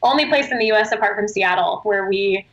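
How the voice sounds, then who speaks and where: A woman's voice: mid-range voice, fairly quick, lo-fi sound. A woman from Australia, a guest on a podcast, talking earnestly and expressively and swearing casually. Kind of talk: casual interview chat.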